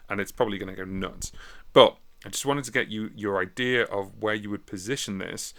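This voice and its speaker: A man's voice: fairly low pitch, fast talker, fairly bright tone. A British man giving a casual, rambling step-by-step demonstration of recording gear at a table indoors, picked up by a phone and a small stereo recorder. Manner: chatty, rambling, explains step by step. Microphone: phone mic and small stereo recorder.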